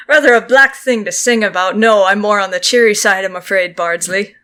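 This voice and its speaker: A woman's voice: mid-range voice, moderate pace, pushed and bright, natural voice. Woman doing cheery sailor Billy. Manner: upbeat, teasing. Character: cheery young male sailor Billy, jokey.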